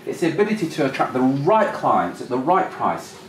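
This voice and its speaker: Animated man presenting a seminar. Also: mid-range voice, fairly quick. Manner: animated, acts out phone calls. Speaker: workshop presenter. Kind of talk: live seminar talk. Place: seminar room. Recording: roomy, distant mic, faint noise.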